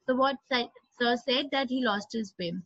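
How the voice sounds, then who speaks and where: A woman's voice: fairly high pitch, normal speed, fairly bright tone, no room sound, lo-fi sound. A woman teacher reads a story aloud to a class and explains it, repeating lines and glossing hard words. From India.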